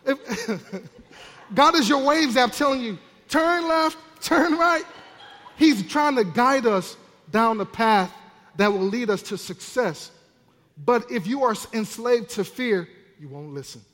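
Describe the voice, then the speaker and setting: High-voiced preaching man, animated and playful. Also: unhurried. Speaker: minister. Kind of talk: sermon. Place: church sanctuary. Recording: long church hall reverb.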